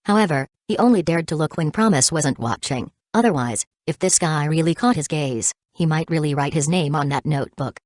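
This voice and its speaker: A woman narrating an audiobook of a web novel in a steady, even reading. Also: low voice, brisk, hardly any pauses, dry recording, clean studio sound.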